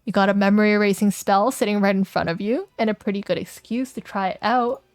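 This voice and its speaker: A woman's voice: medium pitch, steady tone, quick pace, no room sound, soft background music. A young woman streaming a game, chatting playfully and reading its text aloud, giggling often.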